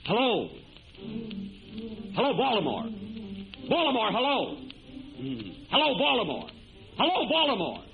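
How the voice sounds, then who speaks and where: A man in a 1930s radio comedy sketch, pleading and shouting into a telephone receiver with growing exasperation, heard on a muffled old broadcast. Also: very high-pitched, huge pitch swings, unhurried, creaky, pauses often, over music. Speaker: comedian playing the inventor in a sketch.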